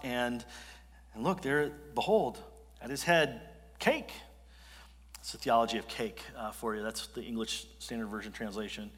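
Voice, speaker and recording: A man preaching as pastor, telling the story with lively acted-out quotes. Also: fairly high pitch. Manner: animated storyteller acting out quotes. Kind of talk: sermon. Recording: long hall reverb.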